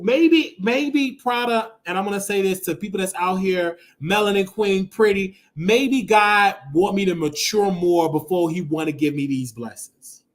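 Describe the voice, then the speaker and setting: A man in his thirties hosting a casual commentary show, talking emotionally and bursting into loud exclamations. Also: high-pitched. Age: 30s. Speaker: show host.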